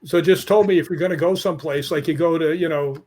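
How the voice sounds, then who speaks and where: Guest storyteller: man, lively and amused, voice sitting a bit high. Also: fast. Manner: animated, laughs at his own stories. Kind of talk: casual storytelling. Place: live online show, remote call.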